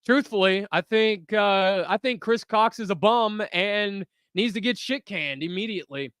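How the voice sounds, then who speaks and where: A man hosting a toy channel livestream, reading viewer comments aloud and giving candid, relaxed opinions with lots of fillers. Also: high voice, moderate pace, clear, resonant tone, no echo, studio quality. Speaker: toy review channel host.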